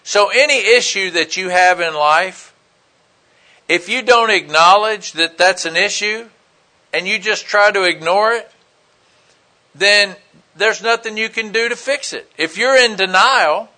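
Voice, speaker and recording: High, bright-voiced man preaching casually. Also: a little slow. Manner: casual, plain-spoken, fillers like "you know" and "man". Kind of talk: conversational sermon.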